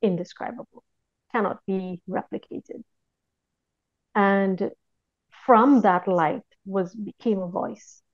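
A woman recounting a personal experience in a reflective, hushed way, often pausing and restarting her sentences. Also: medium pitch, no room sound, highs cut off. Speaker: guest recounting a near-death experience. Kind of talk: personal testimony, casual storytelling.

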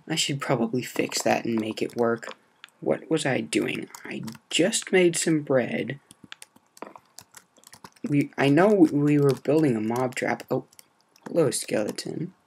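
A man gives hushed, rambling commentary over his game, keeping his voice deliberately quiet. There is a gravelly fry in his tone and a touch of sore throat in it, over a faint hiss of noise. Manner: quiet, low-key, meandering. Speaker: gaming video host. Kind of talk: hushed let's-play commentary.

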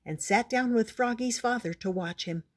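An older woman reading a children's picture book aloud as a storyteller, slow and expressive. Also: on the high side.

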